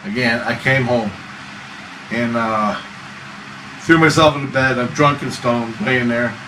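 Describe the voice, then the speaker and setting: A man's voice: medium pitch, a little slow, sharp tone. A man telling a wild personal story in a casual interview, swearing, laughing often and acting out voices. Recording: echoey room, far from mic, noisy.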